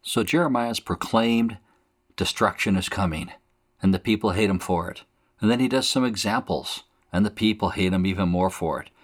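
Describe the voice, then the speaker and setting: A man teaches a Bible passage verse by verse, explaining it in plain, conversational terms and acting out the quotes. His voice is on the low side, at a normal speed.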